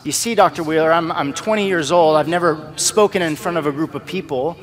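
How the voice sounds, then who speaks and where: Man, slightly high voice, storytelling preacher acting out dialogue in his testimony. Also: a little fast, long reverb tail. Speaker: speaker sharing a personal testimony.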